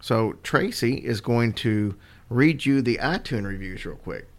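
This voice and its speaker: A man's voice: medium pitch, lively intonation, measured pace. A man co-hosting a podcast, chatting in a loose, rambling way about supporting the show. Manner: rambling and easygoing, with fillers. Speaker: podcast co-host. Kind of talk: casual chat.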